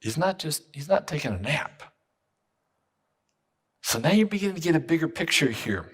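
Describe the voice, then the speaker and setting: A man's voice: fairly high pitch, big pitch swings, normal speed, a bit bright, breathy edge. A man preaching a sermon as a guest pastor in a church, teaching with questions and having the congregation repeat after him. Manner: teaching, leads the congregation in call-and-response. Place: church sanctuary.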